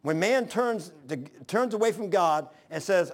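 A man preaching a sermon, swinging between loud exhortation and low hushed asides. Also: lively intonation, a little slow, hardly any pauses. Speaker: pastor.

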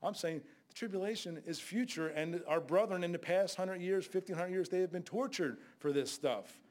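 A male preacher delivers a sermon in a plain, conversational manner, blunt with his listeners. His voice sits a little high for a man. Now and then he breaks into sudden, louder outbursts before settling back down. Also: normal speed.

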